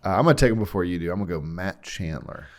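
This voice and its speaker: A man co-hosting a church podcast in casual chat, curious and asking quick questions. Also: deep voice, animated. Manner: curious, asks quick questions, laughs easily. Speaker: podcast co-host.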